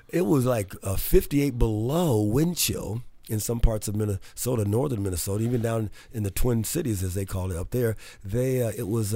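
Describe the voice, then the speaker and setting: Starting with a motivational monologue, this male radio host slides into lively, chatty back-and-forth, laughing often. He speaks on the low side with a creaky texture, and there's no echo.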